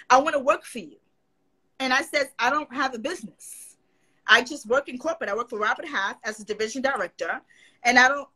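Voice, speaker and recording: A woman's voice: high voice, slightly rough, poor audio. A woman guest in a casual interview, telling stories animatedly and acting out what others said. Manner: animated, quotes others in put-on voices.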